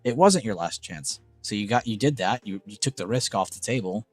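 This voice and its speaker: A young man hosting a casual live trading stream, excitable and gushing, swearing freely. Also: on the low side, a little fast, no room sound. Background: faint background music.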